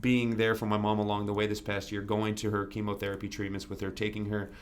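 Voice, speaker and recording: Earnest man with a low voice. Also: monotone, fast talker, smooth. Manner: earnest, repeats himself, frequent "you know"; swears casually. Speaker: podcast guest. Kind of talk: candid interview conversation.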